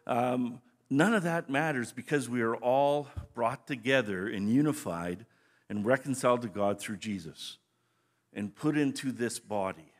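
A man's voice: mid-range voice, unhurried. A man teaching scripture as a pastor in a conversational, explanatory way, often restarting his phrases. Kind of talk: sermon teaching.

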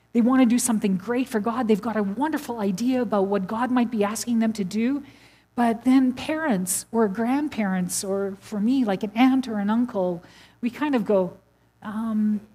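Animated woman preaching a story. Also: moderate pace. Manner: conversational storytelling, acting out quotes with animated pitch jumps. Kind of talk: sermon.

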